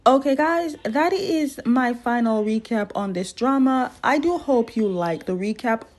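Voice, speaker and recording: A woman's voice: a little high, animated, a little slow. A woman recapping a drama episode in a chatty, playful way, talking straight to her viewers.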